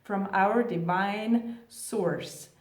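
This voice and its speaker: A woman's voice: mid-range voice, very slow. A woman coaching on twin flames, talking casually to her viewers with many rhetorical questions and "like" fillers. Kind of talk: casual advice talk to camera. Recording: echoey room.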